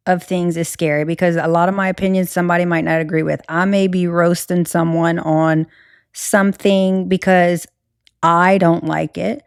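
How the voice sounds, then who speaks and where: A young woman with a Cajun accent hosts a solo podcast, speaking candidly with plenty of fillers and restarts. Her voice is lowish and gravelly, recorded in studio quality with no room sound.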